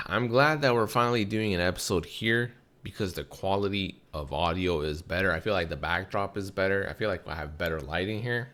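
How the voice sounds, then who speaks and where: A young man hosts a podcast, his low voice moving a little fast as he tells a casual story packed with swearing. He's animated and acts out the people he quotes.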